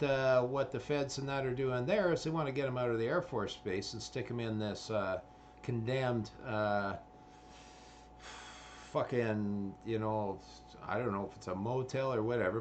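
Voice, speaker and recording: A man's voice: medium pitch, a little hiss or hum. A man, ranting in a rambling commentary full of swearing and fillers. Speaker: vlogger.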